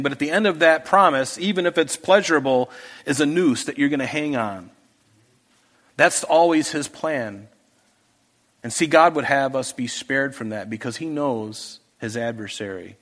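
In a church hall full of worshippers, a man preaches with a slightly high, fairly bright voice at a moderate speed. This pastor is earnest and emphatic, urging his congregation through pleading questions.

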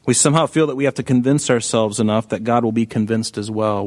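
A male pastor preaching an animated sermon, acting out Bible figures as he goes. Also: medium pitch, fast.

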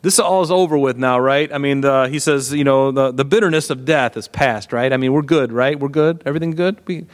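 A man's voice: mid-range voice, brisk, few pauses, in a large hall, lightly acted. A man voicing a captured king who acts cheerfully casual, as if all is forgiven. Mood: breezy. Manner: breezy, overly casual, fishing for reassurance. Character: cheerful sly male captive king playing innocent.

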